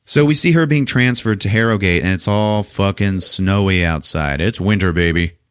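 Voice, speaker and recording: A man's voice: low voice, moderate pace, clear, resonant tone, dry recording, studio quality. A male podcast host casually recapping a horror film, joking and swearing often. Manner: profane, joking, laughs often.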